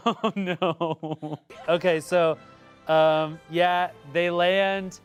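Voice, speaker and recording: This co-host of a relaxed movie-review podcast has a high, steady voice and draws out his words, with soft music in the background. He talks loosely, laughs a lot, and fills his speech with fillers.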